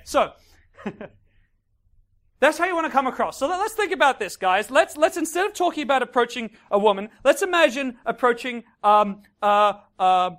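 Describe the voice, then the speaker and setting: A man giving a lively seminar talk to a room of listeners. He acts out scenes as he goes and keeps checking in with the crowd. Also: high-pitched. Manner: animated, acts out scenes, frequent checks like "right?" and "okay?". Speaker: dating coach. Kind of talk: live seminar talk to an audience.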